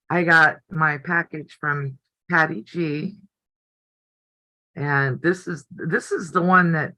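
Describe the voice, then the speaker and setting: Older lady rambling on her live stream, slow easygoing talk, dry close sound. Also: low-pitched, a bit bright, no room sound, poor audio. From United States. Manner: chatty, rambling, easily delighted. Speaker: quilting channel host. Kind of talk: casual live-stream chat. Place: home craft room.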